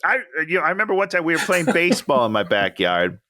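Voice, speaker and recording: A man's voice: on the high side, quick pace. A man co-hosting a casual movie podcast, ranting animatedly and laughing often. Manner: animated, rants and laughs a lot. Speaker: podcast co-host. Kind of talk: casual chat.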